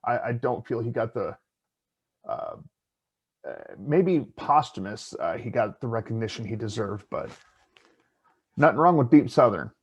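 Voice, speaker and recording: A man's voice: mid-range voice, expressive, measured pace, long pauses, breathy edge. A man from South Dakota co-hosting a podcast, talking casually with many "uh"s and restarts and some easy swearing. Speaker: podcast co-host. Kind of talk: casual live-stream chat.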